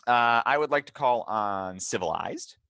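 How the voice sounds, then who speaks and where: A man's voice: mid-range voice, expressive, a little slow, gravelly, bright, forceful tone, smooth, no echo. A man playing a tabletop game, arguing over the rules and hesitating with many fillers. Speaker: player.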